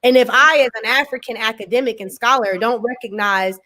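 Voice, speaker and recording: A woman's voice: fairly high pitch, a little fast, pushed and bright. Emphatic American woman scholar. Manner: emphatic, repeats "right?" and "I know that". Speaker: guest scholar. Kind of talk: conversational interview.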